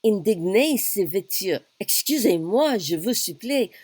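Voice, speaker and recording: A woman reading aloud a shy, formal young French princess, raising her voice higher and speaking French phrases. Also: expressive, measured pace, darkish tone, no room sound. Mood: protesting. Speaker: teacher reading a play aloud. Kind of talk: dramatic reading of a play.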